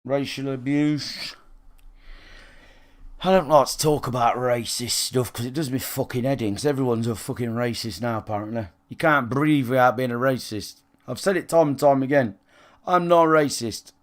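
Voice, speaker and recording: A man's voice: medium pitch, normal speed. Rambling, sweary British streamer man. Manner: rambling and sweary, often asks "do you know what I mean". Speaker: gaming live streamer. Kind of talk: casual chat with stream viewers.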